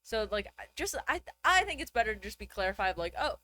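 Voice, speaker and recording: A woman with a bright, sharp voice chats casually. Her pitch swings widely, and she rambles with constant filler words. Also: sing-song, fast talker, hardly any pauses. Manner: chatty, filler-heavy rambling with lots of "like". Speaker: co-host. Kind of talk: casual chat.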